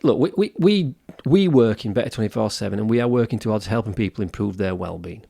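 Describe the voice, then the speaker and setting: A man's voice: on the low side, expressive, fast talker, gravelly, dark tone. A man, co-hosting a wellbeing podcast, talking earnestly with lots of restarts. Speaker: podcast co-host. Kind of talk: casual podcast discussion.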